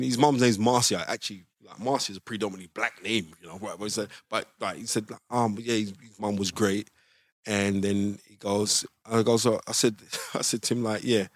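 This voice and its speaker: A man's voice: lowish voice, brisk, dry recording, clean studio sound. A middle-aged man, telling stories animatedly on a podcast. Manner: animated storyteller, acts out quoted voices, bursts into laughter. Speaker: podcast guest, boxing pundit. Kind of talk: casual storytelling chat. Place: podcast studio.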